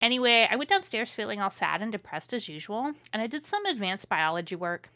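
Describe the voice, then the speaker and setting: Bright sarcastic woman reading aloud. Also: mid-range voice, expressive, a little fast, few pauses, dry recording, clean studio sound. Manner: sarcastic, exasperated asides. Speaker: host reading fan fiction aloud. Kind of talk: comedic read-along with commentary.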